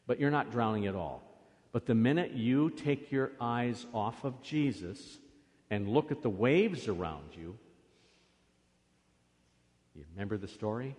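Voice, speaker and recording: A priest giving a children's sermon in a church, coaxing the children along with lively questions. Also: male voice, lowish voice, measured pace. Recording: long reverb of a church.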